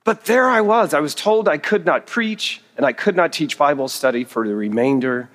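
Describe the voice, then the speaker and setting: Man, middle-aged, preacher; slightly high voice, humorous storytelling, long hall reverb. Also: expressive, normal speed, a bit bright. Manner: humorous, self-deprecating storytelling. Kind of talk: storytelling sermon.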